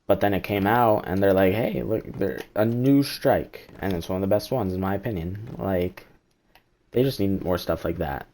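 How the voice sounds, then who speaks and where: A man's voice: deep voice, a little fast, darkish tone, slight background noise. A man streaming a game, rambling through his opinions in casual chat and swearing now and then. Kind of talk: casual live-stream commentary.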